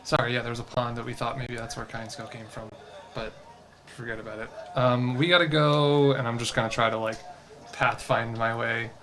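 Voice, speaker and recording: A man's voice: medium pitch, level tone, normal speed, bright, forceful tone. A man playing a tabletop game, chatting in an easygoing way and laughing often. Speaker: player.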